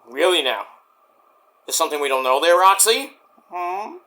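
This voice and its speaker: A man recapping a wrestling show in a casual, rambling vlog, cracking crude jokes and doing quick impressions. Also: on the high side, big pitch swings, sharp tone.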